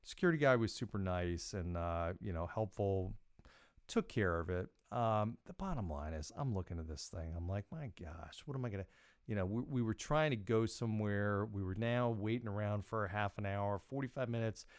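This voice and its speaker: A middle-aged man hosting a podcast, telling a personal story in a casual, animated way and quoting himself with big jumps in pitch. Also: normal speed, clear, resonant tone, no echo, clean studio sound. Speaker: podcast host.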